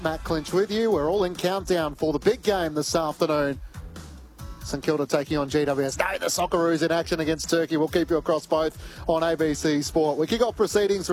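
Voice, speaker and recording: A man's voice: a little high, darkish tone. Australian man hosting sports radio. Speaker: radio sport show host.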